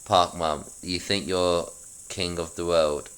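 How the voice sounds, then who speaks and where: A prim, scolding mother at the playground, voiced by a man reading with a very deep voice. The lines come out plainly read, not performed. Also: steady tone, slow pace, a bit bright, clear, resonant tone. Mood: indignant.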